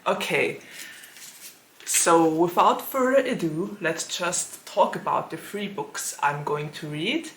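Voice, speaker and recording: A woman hosting her own book channel, chatting casually to the camera with a sore throat that leaves her voice lower than usual, laughing often between thoughts. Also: lively intonation, slow pace, a bit bright, a little hiss or hum. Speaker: booktube host. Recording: echoey room.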